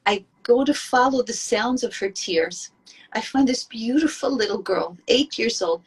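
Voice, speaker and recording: A woman giving an earnest, emphatic inspirational talk to women, telling stories with warmth and conviction. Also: fairly high pitch, expressive, unhurried, breathy edge. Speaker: Jewish women's speaker.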